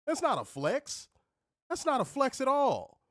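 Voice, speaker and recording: Animated, high-voiced man ranting. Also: unhurried. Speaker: podcast host. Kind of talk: casual chat.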